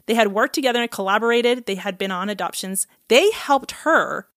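Woman telling a story with animated quotes. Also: on the high side, fairly quick, dry recording, studio quality. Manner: lively, acts out quoted dialogue with laughs. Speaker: guest telling her adoption story. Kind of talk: casual storytelling.

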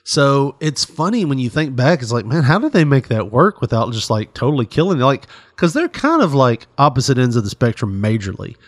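A man co-hosting a podcast, rambling along in loose, profane chat and often breaking into laughs. His voice has a medium pitch. It is recorded close and dry, with no room around it. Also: big pitch swings, a little fast, few pauses, no room sound. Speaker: podcast co-host. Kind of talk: casual chat.

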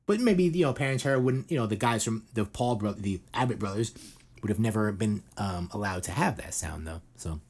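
A man's voice: fairly low pitch, lively intonation, fairly quick, a little mellow. A man hosting a podcast in casual chat, rambling with lots of fillers like "you know" and "uh.". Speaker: podcast host.

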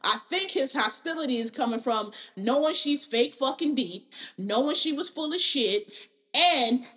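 A woman's voice: high-pitched, lively intonation, moderate pace, sharp tone. Blunt, profane Philly woman. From Philadelphia. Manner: blunt, profane, heated and emphatic. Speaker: podcast host. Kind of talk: opinionated podcast rant.

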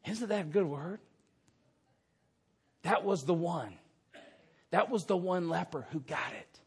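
A man with a notably high voice preaches slowly and deliberately from the pulpit. He drives his points home with emphasis and keeps asking his congregation pointed rhetorical questions. The sermon is delivered in a church sanctuary. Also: animated, breathy edge. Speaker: pastor. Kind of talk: expository sermon.

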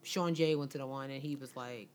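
Woman, co-host, casual chat, low voice, relaxed, trails off softly. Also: fairly quick. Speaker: podcast co-host.

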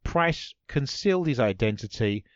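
A man's voice: mid-range voice, animated, normal speed, dry recording, highs cut off. A man hosting a comedy podcast quiz, playful and teasing, full of puns. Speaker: quiz host.

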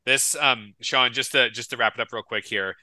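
Bright-voiced man telling rambling stories. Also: mid-range voice, fairly even intonation, normal speed, dry recording, low-quality recording. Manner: rambling storyteller with restarts. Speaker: podcast co-host. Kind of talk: casual chat.

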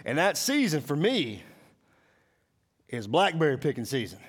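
A man from Mississippi with a Southern accent, giving a lively, joking sermon to a school audience. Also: a little high, fast. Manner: animated, joking, drawling, talks to the crowd. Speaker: guest speaker. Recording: long hall reverb.

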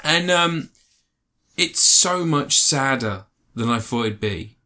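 A young man talking loosely through a film plot, his voice sitting at a middling pitch. He circles back on his own sentences, trips over restarts, and fills gaps with ums. This is a relaxed, casual conversation between co-hosts. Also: slow pace. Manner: rambling, hesitant, with many restarts and fillers. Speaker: podcast co-host reviewing a film. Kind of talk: casual chat.

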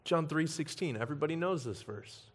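An earnest man delivers a sermon from the pulpit, his voice sitting a little higher than most men's. He leans into key points, rising in pitch and force as he stresses them. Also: lively intonation, fairly quick, husky. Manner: earnest, builds in emphasis and volume on key points. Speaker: pastor.

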